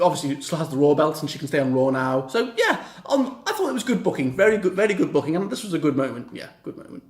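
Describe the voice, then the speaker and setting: A young man, chatting casually and excitably, swearing as he reacts. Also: fairly high pitch, reverberant. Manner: excitable, swears, mocks and acts out the wrestlers in little quips. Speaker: reaction vlogger. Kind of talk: casual chat.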